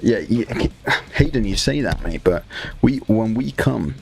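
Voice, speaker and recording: Guy on a hobby stream, low gravelly voice, sweary and jokey, faint music behind. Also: expressive, a little slow. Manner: joking, sweary, chatty with chat. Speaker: livestream host. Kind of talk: casual livestream chat while painting miniatures.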